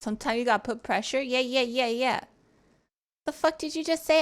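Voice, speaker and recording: A woman live-streaming a game talks casually to her chat. Her voice sits a little high, and she teases and curses freely between questions about the game. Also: brisk. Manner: teasing, profane, chatty with viewers. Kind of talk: casual chat while gaming.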